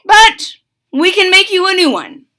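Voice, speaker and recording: A woman's voice: very high voice, big pitch swings, a little slow, pushed and bright, voice pushed up, heavily acted. A woman voicing a male mouse dentist, giving firm, clipped instructions.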